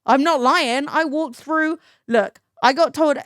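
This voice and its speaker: A woman's voice: high voice, slow, a bit bright, dry recording, clean studio sound. A woman from London with a British accent, telling stories casually on a stream, laughing and swearing freely. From London, England. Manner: chatty storytelling, swears freely, laughs often. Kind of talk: casual chat.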